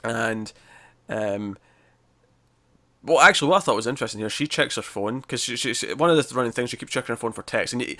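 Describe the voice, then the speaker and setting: A man's voice: medium pitch, pushed and bright. A man co-hosting a casual review chat, recapping an episode with many restarts. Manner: rambling, restarts, acts out scenes in quick voices. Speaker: podcast co-host reviewing a TV episode.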